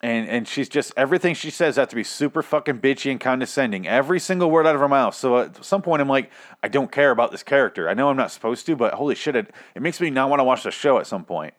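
A man's voice: medium pitch, expressive, fast talker. A young man casually recapping a TV episode, rambling, swearing often and stumbling over his words while poking fun at himself. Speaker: TV recap podcaster.

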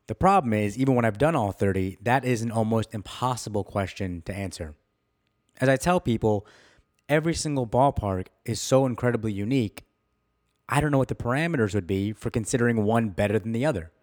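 A man's voice: fairly low pitch, a little fast, a little mellow. A man hosting his own podcast, talking enthusiastically and self-deprecatingly, with frequent laughs. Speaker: podcast host. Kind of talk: solo podcast monologue.

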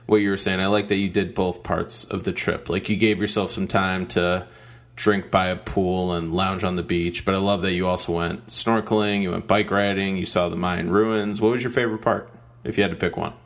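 A man's voice: low-pitched, level tone, normal speed. A man chatting casually as a podcast co-host, laid-back and teasing, with some swearing. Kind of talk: casual chat.

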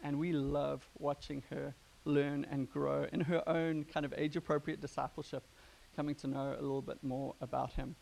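A pastor giving a sermon in a relaxed, conversational way, joking with his congregation. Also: a little high, moderate pace, vocal fry. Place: church gathering.

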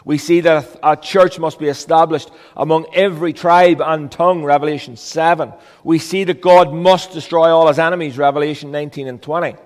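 A man's voice: a little high, steady tone, brisk, few pauses, big-room sound. A man preaching a sermon as a pastor, earnest and emphatic, with rhetorical questions.

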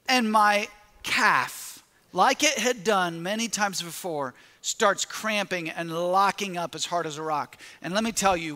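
A man preaching a sermon, telling a personal story in an animated way and acting out his own reactions. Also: very high voice. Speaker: pastor. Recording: echoey hall with long reverb.

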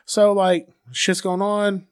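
High-voiced man telling a crude story. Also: little pitch movement, slow pace, clear, resonant tone, no room sound, studio quality. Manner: loose, crude, full of fillers, acts out quoted people. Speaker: podcast co-host telling a true-crime story. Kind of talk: casual profane storytelling.

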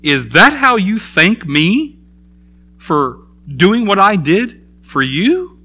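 A man's voice: high voice, very animated, slow pace, bright, forceful tone, breathy edge, pitched above the performer's own voice, exaggerated voice. A man voicing a stern wealthy male master who scolds an ungrateful servant with reproachful questions.

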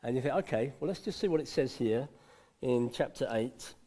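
A man's voice: mid-range voice, normal speed, warm tone. A man giving an informal, conversational sermon and chuckling often. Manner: conversational, repeats words for emphasis, chuckles often. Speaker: preacher.

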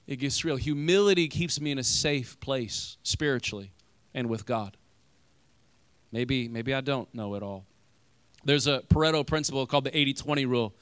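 A young male pastor giving a casual, animated sermon full of "you know" and "like", growing loud in stories and going quiet and slow in prayer. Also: medium pitch, clean tone, dry recording. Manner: animated storytelling, rising loud when acting out arguments; drops soft and slow in prayer.

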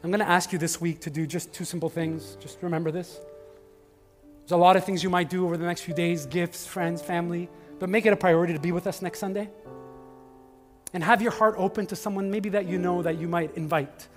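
A middle-aged male pastor giving a conversational sermon in a church, swinging from loud emphasis to hushed asides. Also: sits high, fairly even intonation, brisk. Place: church sanctuary. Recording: long hall reverb with faint music.

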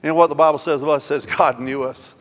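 A man's voice: fairly high pitch, steady tone, quick pace, highs cut off. Preacher man in a reverberant hall. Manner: swings from loud emphatic declaring to quiet intimate asides; asks the congregation rhetorical questions. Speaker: pastor. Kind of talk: sermon. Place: church sanctuary.

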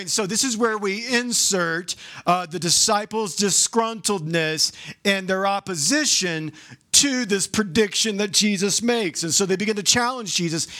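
A male pastor preaching a sermon in a conversational, animated way, acting out the quotes he tells. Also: sits high.

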